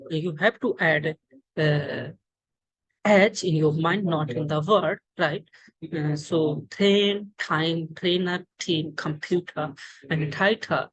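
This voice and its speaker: A woman's voice: deep voice, slightly rough, lo-fi sound. An Indian woman who teaches English, with an Indian accent, explaining pronunciation in an online lesson with many fillers and restarts. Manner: halting, many fillers and restarts, repeats words. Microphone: screen-share recording.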